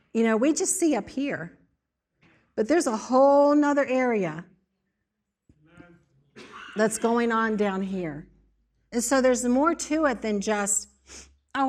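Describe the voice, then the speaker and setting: A woman preaching with lively emphasis and a somewhat high-pitched voice. She drives her points home by repeating words in rhythmic lists. Her delivery is expressive and earnest. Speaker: speaker in a church setting. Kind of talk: sermon.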